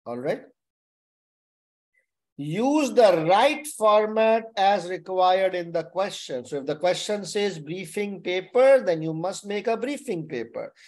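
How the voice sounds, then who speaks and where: Male tutor, webinar lecture, slow and deliberate, repeats points. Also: high voice, lively intonation. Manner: repeats key points, checks in with "okay?". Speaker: exam tutor. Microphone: webinar microphone.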